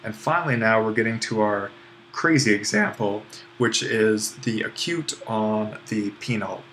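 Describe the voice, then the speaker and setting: A man's voice: on the low side, a little slow, a bit bright, a little hiss or hum. A man teaching a recorded online lesson on Greek accents, explaining step by step in an easygoing way, with fillers and self-deprecating asides. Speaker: Greek language instructor.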